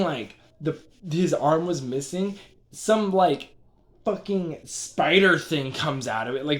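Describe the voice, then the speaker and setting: A young man casually retelling a strange dream, rambling with constant fillers and the odd swear word. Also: mid-range voice. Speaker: vlogger.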